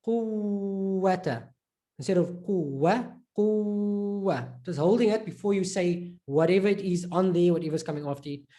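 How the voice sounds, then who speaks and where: Patient man teaching in a mellow voice. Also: high voice. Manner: patient, repeats example words slowly and drawn out; informal, fillers like "right?" and "okay". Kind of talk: recorded online lesson.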